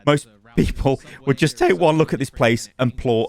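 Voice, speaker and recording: A man hosting a casual gaming news channel, chatty and animated, laughing at his own asides. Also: fairly high pitch, brisk, vocal fry.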